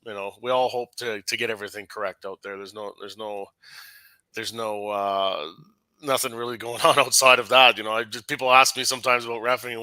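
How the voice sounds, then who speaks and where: Bright, dry-voiced man talking about refereeing. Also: on the low side, fairly even intonation, smooth, no room sound, rough recording. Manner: halting, many restarts and fillers. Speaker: hockey referee guest. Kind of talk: casual podcast conversation.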